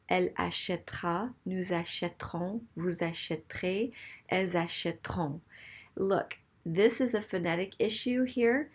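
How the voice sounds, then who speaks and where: A woman teaching a recorded French grammar lesson, explaining patiently step by step and checking in with "okay?". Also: fairly low pitch.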